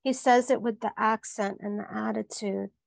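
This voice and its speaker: A woman author reading aloud from her novel in a measured, unhurried way. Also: mid-range voice, fairly even intonation, vocal fry, no room sound.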